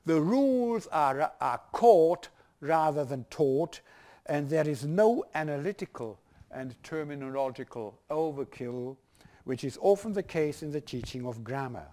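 A man's voice: a little high, expressive, unhurried, dark tone. An older man with a German accent giving a university lecture, hesitant, with many restarts and fillers.

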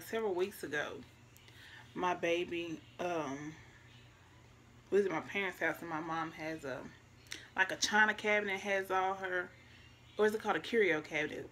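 Soft-spoken woman with a bright voice. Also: on the low side, slight background noise. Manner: soft-spoken, reflective, talks straight to viewers. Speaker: vlogger. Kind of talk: casual story time.

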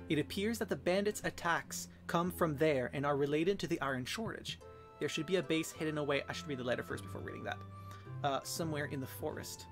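A man's voice: fairly high pitch, fairly quick, soft background music. A young man giving playful, chatty let's play commentary as a streamer, laughing often.

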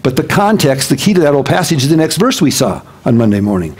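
Guy pastor preaching, acts out the people he's talking about, goes low n quiet on the prayer bits. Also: sing-song, quick pace, hardly any pauses, husky. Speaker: senior pastor. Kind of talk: sermon.

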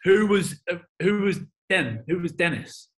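A man co-hosting a podcast in casual banter, lively, laughing and swearing. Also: high voice, unhurried. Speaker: podcast co-host.

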